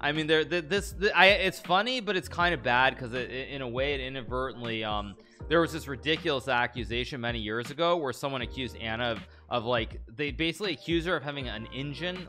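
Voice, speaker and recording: A man gives casual live-stream commentary. His voice is bright and his pitch moves a lot. He keeps cutting himself off and laughing, and faint music plays behind him. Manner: chatty, self-interrupting, laughs often, reads lines aloud in a mock-romantic tone. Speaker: streamer reacting to chess memes.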